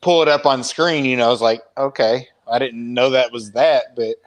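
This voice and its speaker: A man's voice: medium pitch, steady tone, moderate pace. A man chatting casually on a live stream, easygoing and mostly responding to his co-host.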